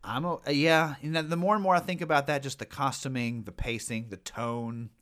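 A man's voice: mid-range voice, brisk. A man co-hosting a casual podcast chat, telling stories animatedly about scary films. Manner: animated storyteller, lots of fillers and restarts. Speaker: podcast co-host.

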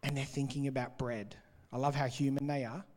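A man preaching a sermon, explaining scripture in a conversational, animated way. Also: mid-range voice, fairly quick, in a large hall. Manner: conversational and animated, laughing between points.

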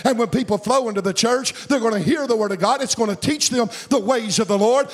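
A man preaching a fervent sermon as pastor, breaking into shouts and a sing-song cadence. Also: extremely high pitch, a little fast, hardly any pauses, soft background music.

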